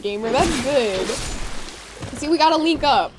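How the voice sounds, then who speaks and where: A young woman with a Midwestern American accent, chatting with her live-stream chat while playing a game, reading messages aloud with excitable reactions. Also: high voice, a little slow, long pauses, music in the background.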